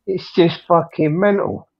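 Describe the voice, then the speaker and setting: A man's voice: fairly high pitch, fairly even intonation, slow pace, slight background noise. A man chatting on a live stream, sweary, slangy and blunt, laughing often. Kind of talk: casual chat. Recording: dull lo-fi mic.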